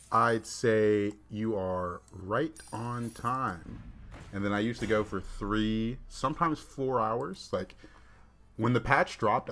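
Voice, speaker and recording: This young streamer has a fairly low, fairly bright voice. Playing a card game, he comments on it and chats casually with his audience, laid-back and talkative as he reads and answers their messages.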